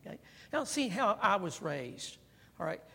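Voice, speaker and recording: High-voiced preacher with gravelly edge. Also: male voice, moderate pace. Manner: conversational preaching with constant "right?" tags; animated, calls for congregation response. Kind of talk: sermon. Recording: long hall reverb.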